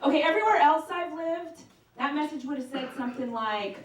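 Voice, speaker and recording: A woman's voice: sits high, brisk, recorded from a distance, slight background noise. A woman performing a stand-up comedy set in a small club, telling crude, brash jokes that build to punchlines. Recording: echoey club room, mic set back, crowd laughter. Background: audience laughing.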